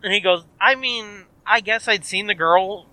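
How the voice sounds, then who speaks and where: A man co-hosting a podcast, chatting casually and retelling a story with animated quoted voices. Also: sits high, normal speed, no room sound, poor audio. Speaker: podcast co-host. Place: in a moving car.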